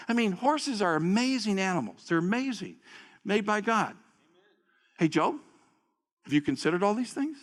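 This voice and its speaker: A male pastor delivers a sermon in a high, swooping voice, laughing often and calling on the congregation to repeat words. His voice rings with a long reverb in a church sanctuary. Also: sing-song, moderate pace, pauses often.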